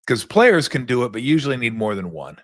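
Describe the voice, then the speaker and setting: A man's voice: mid-range voice, sing-song, fairly quick, fairly bright tone. Older man rambling through a sports rant. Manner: rambling, profane, sarcastic asides. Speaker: sports talk show host. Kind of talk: casual sports talk monologue.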